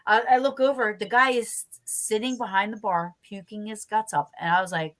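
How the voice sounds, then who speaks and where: A woman's voice: a little high, a little fast, hardly any pauses, sharp tone. A woman co-hosting a casual chat show, telling a story bluntly and animatedly with plenty of swearing. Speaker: podcast co-host.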